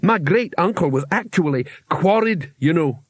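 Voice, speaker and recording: A man's voice: fairly high pitch, lively intonation, moderate pace, no room sound, pitched above the performer's own voice. A man voicing a friendly, chatty male troll who muses cheerfully and matter-of-factly. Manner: cheerful, matter-of-fact, musing. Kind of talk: audiobook character reading.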